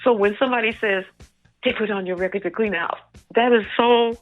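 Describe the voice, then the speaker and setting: A woman's voice: mid-range voice, a little fast. Earnest woman on a muffled radio line. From New York. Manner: earnest, warm-hearted, speaks of faith. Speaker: singer, interview guest. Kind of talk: phone-in radio interview. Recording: muffled lo-fi line with faint music.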